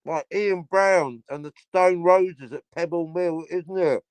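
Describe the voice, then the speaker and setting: A man's voice: sits high, slow pace, smooth, dry recording. Sardonic, sweary man hosting a stream. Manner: sardonic, sweary, mock-announcer asides. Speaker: livestream host. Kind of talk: casual livestream monologue.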